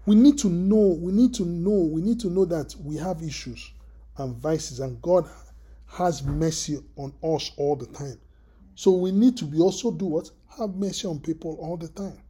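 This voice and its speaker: Halting husky preacher. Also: medium pitch, dark tone. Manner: halting, repeats words, asks the listeners questions; often clears throat. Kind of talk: sermon.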